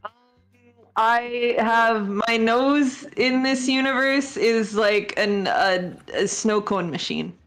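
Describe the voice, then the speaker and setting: Woman, improv comedy player, quick-witted, incredulous, slightly high voice. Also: expressive. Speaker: player in comedy role-play. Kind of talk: improvised comedy role-play.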